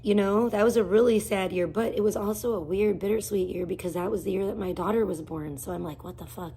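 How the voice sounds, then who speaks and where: A woman's voice: medium pitch, fairly quick, vocal fry, dark tone, slightly rough. A woman live streaming, ranting bluntly and swearing heavily, jumping between topics and greeting viewers in chat. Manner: blunt, heavily profane, rambling rants; greets chat viewers by name mid-rant. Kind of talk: casual ranting livestream chat.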